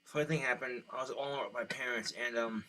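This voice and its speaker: A man rants crudely and rambles through a comedic vlog monologue in a mid-range voice. A guitar plays clearly behind him the whole time. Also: mid-range voice, steady tone, fast, rough recording. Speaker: vlogger. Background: guitar music.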